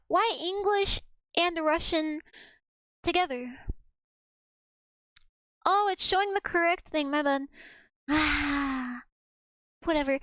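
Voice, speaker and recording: Young woman streamer, high voice, dry close sound, rambling and giggly. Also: takes it slowly, long pauses, fairly bright tone, dry recording. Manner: chatty, giggly, rambling storyteller. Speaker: streamer learning Russian. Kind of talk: casual livestream chat.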